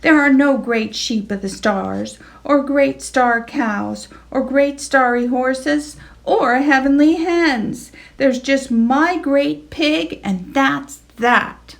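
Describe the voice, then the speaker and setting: A woman voicing an excitable young pig in a read-aloud storybook, squealing and eager. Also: high-pitched, very slow, voice pushed up, full character voice. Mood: stern. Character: excitable young pig who sees shapes in stars.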